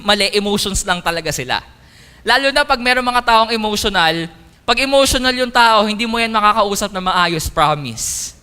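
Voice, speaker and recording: A man with a Filipino accent preaching a sermon, mixing Tagalog and English with emphatic, animated delivery. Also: high voice, brisk, clean tone. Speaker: pastor. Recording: long hall reverb.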